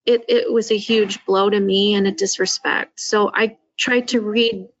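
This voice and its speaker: Woman panelist, earnest and measured, on muffled lo-fi audio. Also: mid-range voice, steady tone. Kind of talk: panel discussion. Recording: dull lo-fi audio.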